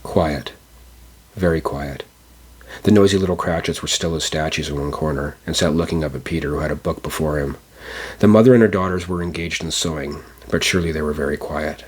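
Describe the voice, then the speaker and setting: Deep husky male storyteller. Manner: measured reading with small stumbles. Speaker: audiobook narrator. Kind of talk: storybook reading.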